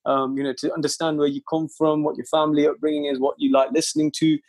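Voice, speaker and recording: Young guy, husky, laid back and slangy, just chatting on a podcast. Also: on the high side, flat delivery, fast, darkish tone. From Leicester, England. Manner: laid-back, swears and laughs often, slangy. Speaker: guest lyricist. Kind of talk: casual interview chat.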